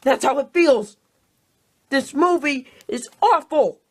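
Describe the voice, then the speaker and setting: A woman's voice: sits high, takes it slowly. A woman ranting in a casual movie review, exasperated and repeating herself. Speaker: video reviewer.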